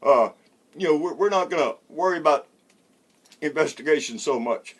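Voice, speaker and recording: A man's voice: on the high side, lively intonation, normal speed, husky. A man delivering a sarcastic, blunt political rant as host of his own show. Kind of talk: ranting political monologue.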